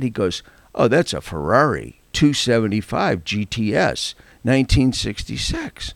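An older man telling a long story in a casual, animated way, acting out the voices of the people he quotes and laughing often. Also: mid-range voice, moderate pace, creaky, no room sound.

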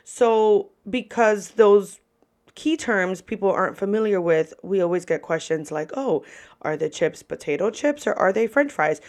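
Animated young woman telling server stories. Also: measured pace. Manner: animated, profane, lively pitch swings. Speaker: podcast host and restaurant server. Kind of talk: casual storytelling.

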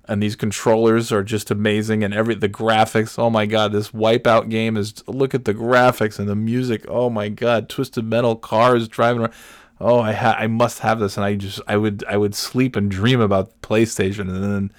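A man casually telling a funny personal story, animated and swearing freely, acting out what people said. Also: on the low side, moderate pace, no echo, clean studio sound. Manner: animated, swears freely, acts out quotes with big shouts.

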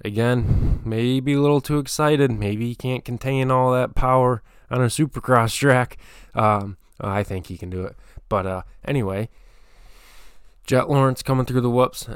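A man's voice: mid-range voice, steady tone, measured pace, clear, resonant tone, dry recording, studio quality. A man hosting a motocross channel, talking through a season preview in a casual, rambling way with plenty of fillers and restarts. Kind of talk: casual solo commentary.

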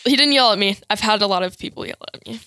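A woman chatting casually as a podcast guest, curious and quick to laugh. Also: mid-range voice, bright, forceful tone. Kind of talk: casual chat.

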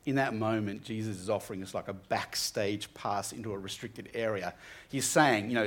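A man's voice: fairly low pitch, lively intonation, quick pace, fairly bright tone. A young man giving an earnest, conversational Bible talk to students, often restarting his sentences. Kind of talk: sermon.

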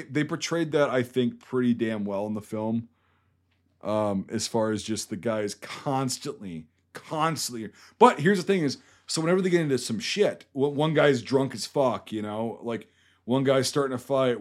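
A man's voice: mid-range voice, moderate pace. A man in his thirties, a veteran co-hosting a podcast, talking in a blunt, profane, rambling way. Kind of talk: casual podcast banter.

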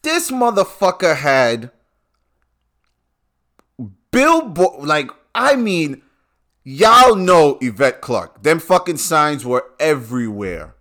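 A man's voice: on the high side, sing-song, very slow, long pauses, pushed and bright. A man delivering a casual, profane rant to his viewers in street slang.

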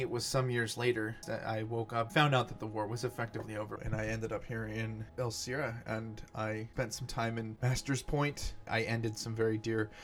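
A man voicing a male soldier returned from the dead, recounting in a reflective, halting way with a middling voice. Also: lowish voice, close to an everyday voice.

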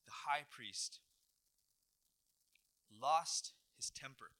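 A man's voice: mid-range voice, animated, drawn-out words, pushed and bright. A man, a pastor, preaching a sermon, retelling a story dramatically with emphatic repetitions.

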